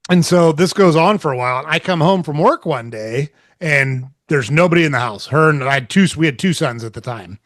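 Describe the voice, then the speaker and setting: A man's voice: on the high side, animated, brisk, few pauses, a bit bright, no echo, clean studio sound. A middle-aged man telling a personal story in candid, casual chat as a podcast guest, swearing freely. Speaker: podcast guest, relationship coach.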